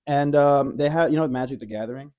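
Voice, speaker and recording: A man co-hosting a casual podcast, telling a lively story with many fillers and frequent laughs. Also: medium pitch, quick pace. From Arizona. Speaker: podcast co-host. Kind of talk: casual chat.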